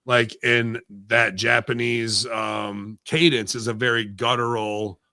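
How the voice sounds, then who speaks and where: A man's voice: medium pitch, level tone, takes it slowly, vocal fry, bright, forceful tone, dry recording, studio quality. A man in casual chat, ranting animatedly and swearing often. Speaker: wrestling podcast guest.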